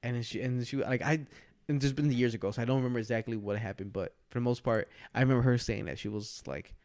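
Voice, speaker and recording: A man's voice: medium pitch, fast talker, a little mellow. A young man co-hosting a casual podcast, rambling through a story and acting out what other people said. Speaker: podcast co-host.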